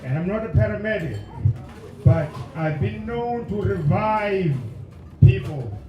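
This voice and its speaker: A man doing stand-up crowd work, with loud shouted bursts in between. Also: sits high, expressive, a little slow, muffled recording, background noise. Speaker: stand-up comedian. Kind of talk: stand-up comedy set. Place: comedy club stage. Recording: roomy live venue, mic at distance, audience. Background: laughing audience.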